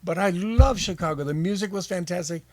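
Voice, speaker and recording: A man's voice: sits high, brisk, no echo. A man being interviewed as a guest, telling stories from his past with enthusiasm. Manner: enthusiastic storyteller, many fillers.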